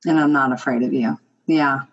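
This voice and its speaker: Low, husky woman co-host, supportive and affirming, slightly dull recording. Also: steady tone, normal speed. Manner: supportive listener, frequent affirmations. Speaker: podcast co-host. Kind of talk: casual chat.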